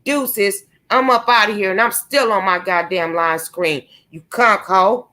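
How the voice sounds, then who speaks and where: A young woman delivers a slow, deliberate rant straight to her viewers. Her voice is bright and sharp as she curses, taunts and calls someone out. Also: medium pitch. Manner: confrontational, profane, taunting. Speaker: vlogger. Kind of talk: angry profane rant to camera.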